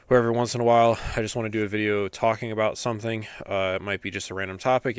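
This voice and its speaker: A man's voice: on the low side, smooth, dry recording. A young man hosting a daily Bible podcast, chatting casually with fillers and then reading scripture aloud steadily.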